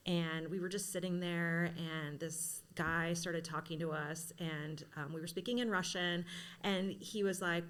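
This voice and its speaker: Reflective woman lecturer with a lowish voice. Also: a bit bright. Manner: reflective, hedging with "sort of" and "right?". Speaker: university lecturer, podcast guest. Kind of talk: thoughtful conversational discussion.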